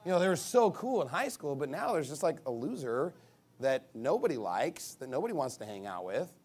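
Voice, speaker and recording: A man's voice: on the high side, big pitch swings, fairly quick, darkish tone, breathy edge. A man preaching a casual, conversational sermon, telling stories and mimicking other people's reactions. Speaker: pastor.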